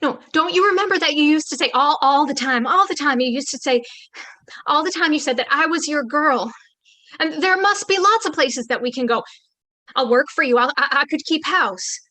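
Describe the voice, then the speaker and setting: A woman's voice: sits high, animated, normal speed, pushed and bright. Woman reading a frightened young bride. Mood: pleading. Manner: tearful, pleading. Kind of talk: staged play reading.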